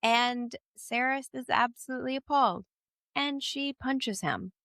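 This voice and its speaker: A woman with a bright, lifted voice co-hosts a casual book podcast. She laughs easily and recaps the story in a chatty way. The sound is dry and close. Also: high-pitched, no room sound. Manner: giggly, quick to laugh. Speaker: podcast co-host. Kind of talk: casual book-club chat.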